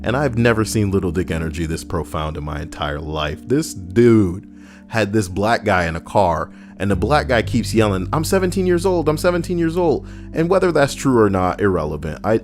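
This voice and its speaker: A man's voice: fairly low pitch, lively intonation, moderate pace, soft background music. A man giving an indignant, profane, mocking commentary on a video he watched.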